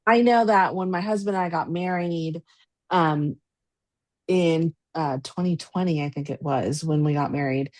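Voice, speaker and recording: A woman's voice: deep voice, measured pace, a little mellow, no room sound. A woman hosting a podcast interview, chatting casually and affirming her guest often. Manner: supportive, frequent backchannel agreement. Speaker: podcast host.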